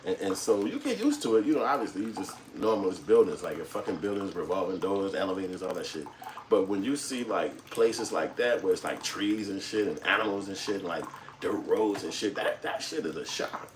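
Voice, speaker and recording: Deep-voiced laid-back man, profane chat. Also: animated, brisk, a little hiss or hum. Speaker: channel host reading live chat. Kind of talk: casual live-stream talk.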